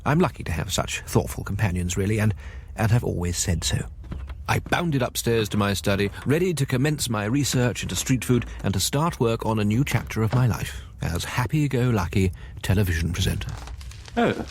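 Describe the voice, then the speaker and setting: A man's voice: fairly low pitch, animated, normal speed, a little hiss or hum. An actor playing a pompous, fussy male food writer who talks in a self-regarding, flustered manner. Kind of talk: radio comedy acting and narration.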